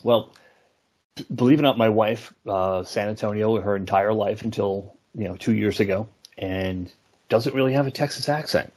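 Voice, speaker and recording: A middle-aged man from New York chats casually on a podcast. His low voice is husky and a little rough, and he wanders through his thoughts, often stopping to hunt for a word. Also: normal speed, a little mellow. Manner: rambling, hesitant, searches for words. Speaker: podcast co-host. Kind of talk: casual chat.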